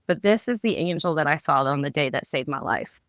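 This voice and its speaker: A woman's voice: low voice, lively intonation, fairly quick, no echo, clean studio sound. A woman in her thirties, a podcast guest, telling a personal story candidly and vividly, with lots of "like" fillers. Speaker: guest, psychic medium and artist.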